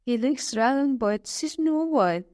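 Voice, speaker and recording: A woman narrating a storybook slowly and clearly for English learners. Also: sits high, no room sound, studio quality. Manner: slow, clear, expressive reading.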